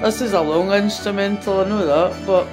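A woman's voice: mid-range voice, normal speed. A Scottish woman singing karaoke on her couch at home and chatting bluntly between verses, swearing and mocking herself. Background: karaoke backing music.

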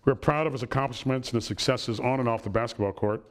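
A middle-aged man with a mid-range voice talks at a quick pace, giving a personal lecture in a hall. He tells family stories with warmth and regularly asks "right?" to check in.

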